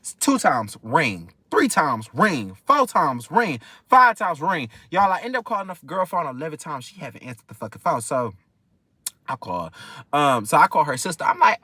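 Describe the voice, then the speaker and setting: Animated young Detroit man telling a story. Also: on the high side, moderate pace, husky, no echo. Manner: animated, profane, keeps repeating "whatever the case may be". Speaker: vlogger. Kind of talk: casual storytime.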